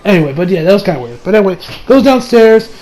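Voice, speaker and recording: A man reviewing an anime episode in a casual, excitable recap, rambling, restarting sentences and swearing freely. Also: high voice, quick pace, rough recording.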